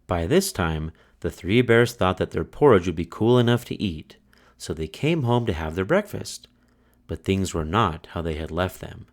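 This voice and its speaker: A man reading a children's fairy tale aloud in a slow, expressive storytelling manner. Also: low-pitched. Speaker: storybook reader. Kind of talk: children's book read-aloud.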